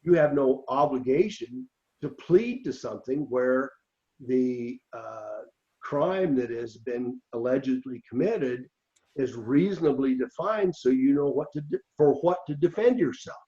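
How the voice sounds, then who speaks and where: A man co-hosting a casual political discussion, explaining legal points in a measured, lawyerly way with some restarts. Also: medium pitch, lively intonation, dark tone, highs cut off. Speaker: co-host.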